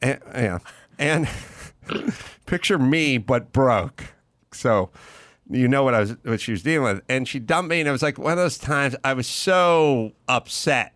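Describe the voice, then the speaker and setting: A middle-aged man hosting a casual chat, an animated storyteller who loudly imitates other people. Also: medium pitch, unhurried, no echo, clean studio sound. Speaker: podcast host.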